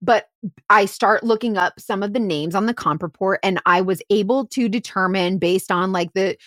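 A woman private investigator telling a case story on a podcast, animated and full of "like". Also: mid-range voice, moderate pace, no room sound, studio quality. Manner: animated, heavy use of "like".

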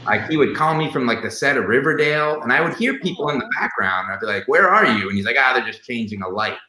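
Man reminiscing casually, bright tone, roomy echo, faint background noise. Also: medium pitch, fast. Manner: warm reminiscing with many fillers and restarts. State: emotional, near tears. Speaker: guest sharing memories of a late friend. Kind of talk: casual storytelling on a podcast.

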